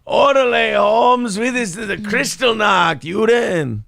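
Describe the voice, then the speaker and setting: A man's voice: sits high, slow pace, creaky, dry recording, studio quality, pitched above the performer's own voice, full character voice. A man putting on a bossy mock German officer. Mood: mock shouty. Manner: exaggerated mock accent, shouty.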